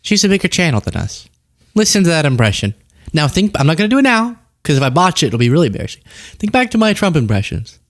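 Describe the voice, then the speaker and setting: A man's voice: on the high side, very animated, fast talker, no room sound, clean studio sound. A man hosting a political commentary show, reacting to clips with wry, incredulous asides. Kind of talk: casual commentary on played clips.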